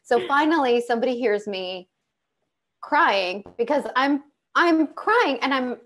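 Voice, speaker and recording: With a medium, slightly bright voice, a young woman speaking as a panel guest recounts her personal experience. She talks casually, often using fillers and starting sentences over.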